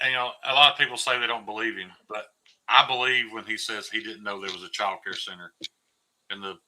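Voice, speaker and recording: A man, a podcast guest joking in casual chat with deadpan irony. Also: fairly low pitch, a little fast, rough recording.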